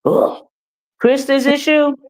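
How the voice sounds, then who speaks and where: A woman's voice: mid-range voice, animated, normal speed. A woman hosting a casual livestream, scolding and sassy, with repeated "okay?" and "child.". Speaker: livestream host.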